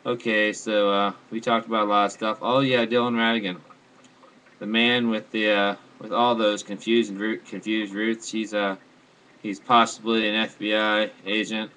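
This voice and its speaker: A man rambling to his viewers in a halting monologue, full of fillers and restarts, airing grand complaints earnestly. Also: low voice, pushed and bright, slight background noise, rough recording. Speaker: vlogger.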